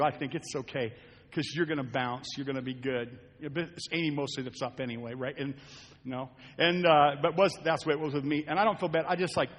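A man's voice: fairly high pitch, steady tone, a little fast, big-room sound. An older man, a pastor and grandfather, preaching a sermon in a church, moving between folksy storytelling and fervent appeals to the congregation. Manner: conversational preaching, rising to fervent exhortation. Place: church sanctuary.

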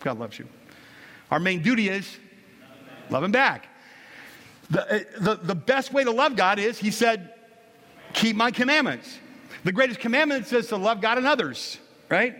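Middle-aged male pastor, folksy and conversational, voice a touch high, long church reverb. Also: expressive, moderate pace, pauses often, bright, forceful tone. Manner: casual, folksy storytelling with frequent restarts. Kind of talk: sermon. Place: church sanctuary.

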